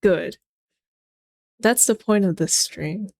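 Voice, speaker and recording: A woman's voice: mid-range voice, slow, creaky, a little mellow. A young woman streamer joking casually between songs, self-deprecating.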